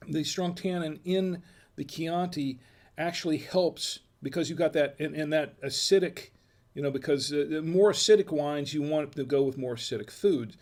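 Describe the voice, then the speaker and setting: A man's voice: fairly high pitch, normal speed, darkish tone. An American man hosting a casual wine tasting, chatty and folksy, murmuring as he samples food and wine. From United States. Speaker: wine review host.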